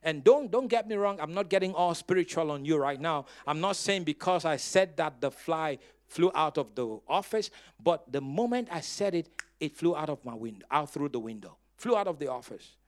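A male pastor with a high voice preaches with dramatic force, breaking into loud emphatic bursts. His pitch swings widely as he tells stories with a touch of humor and urges the congregation to answer back. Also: expressive, moderate pace, few pauses. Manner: storytelling with humor. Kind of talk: sermon.

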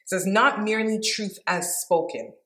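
A woman's voice: medium pitch, moderate pace, fairly bright tone. A woman giving an informal devotional Bible teaching, reading scripture aloud and reflecting on it in an earnest, conversational way.

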